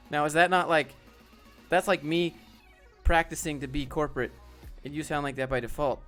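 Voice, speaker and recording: A man's voice: on the high side, little pitch movement, moderate pace, fairly bright tone, soft background music. Casual man hosting a live stream. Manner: casual, joking, talks to chat by name. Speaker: host.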